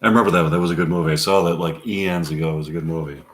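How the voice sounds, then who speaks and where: A man's voice: sits low, fairly even intonation, racing, roomy sound, slight background noise. A man casually reading movie-quote cards aloud and chatting with chuckling asides.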